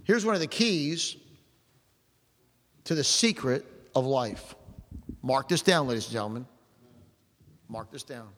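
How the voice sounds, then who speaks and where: A man's voice: mid-range voice, animated, unhurried, long pauses, a bit bright. A male preacher delivering a sermon with an emphatic, repetitive preaching cadence. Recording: long hall reverb.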